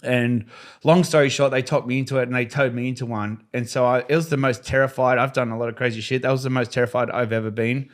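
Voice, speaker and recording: A man guest on a podcast, telling his stunt stories in a casual, animated way and acting out the voices of the people in them. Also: mid-range voice, quick pace. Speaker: podcast guest, freestyle motocross rider. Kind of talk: casual storytelling.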